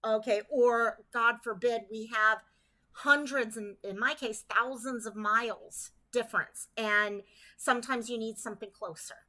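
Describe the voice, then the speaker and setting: A woman speaks with a crisp, bright tone, set a little high. She hosts a casual livestream for her community and keeps up an easy, chatty flow, pausing to greet viewers by name. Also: fairly even intonation. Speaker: livestream host.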